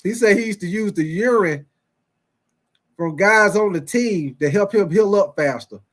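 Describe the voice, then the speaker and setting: A young man with a drawl hosts a loose sports talk show in a fairly high voice. He rambles in an animated way, laughs often and circles back to repeat his lines as he calls out to viewers. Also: a little slow. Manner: animated, laughing often, repeats phrases, reads live chat. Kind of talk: casual chat.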